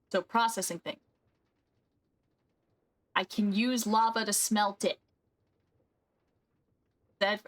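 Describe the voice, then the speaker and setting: A woman's voice: a little high, a bit bright. A woman streaming a game, thinking aloud and questioning herself as she works through a problem. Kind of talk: casual gameplay commentary.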